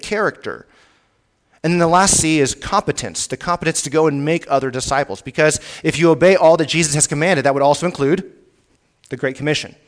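A man, a pastor, preaching a teaching sermon, repeating his points and pressing them with rising emphasis. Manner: emphatic, rises in pitch and volume on key points.

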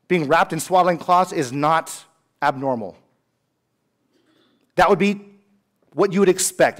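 A man in his thirties, a pastor giving a lively, conversational sermon with humorous asides and acted-out quotes. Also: high-pitched. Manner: animated, conversational preaching with asides and voiced quotes.

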